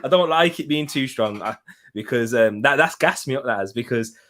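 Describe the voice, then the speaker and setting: A young man with a mild Birmingham accent talks through a football match as it happens, reacting to his viewers. His voice sits at a middling pitch, and he is chatty and excitable, quick to burst out at a chance or a goal. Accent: Birmingham English. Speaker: football watch-along streamer. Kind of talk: live casual commentary.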